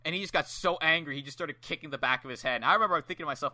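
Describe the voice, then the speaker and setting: A young man co-hosting a podcast, chatting casually and excitedly about matches, swearing freely and acting out his own reactions. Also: fairly high pitch, fast talker. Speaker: podcast co-host. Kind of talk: casual chat reviewing wrestling matches.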